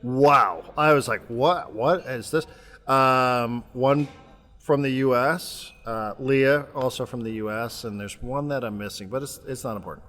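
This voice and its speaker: A man co-hosting a casual sports podcast, talking in a rambling, halting way with many restarts. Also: medium pitch, a bit bright, big-room sound. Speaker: podcast co-host. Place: remote, traveling abroad.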